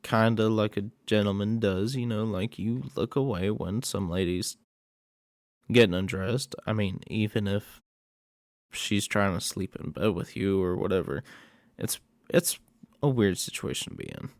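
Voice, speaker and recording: A man's voice: on the low side, unhurried, dry recording. A man casually recapping a horror movie plot in a rambling way, with many fillers and asides.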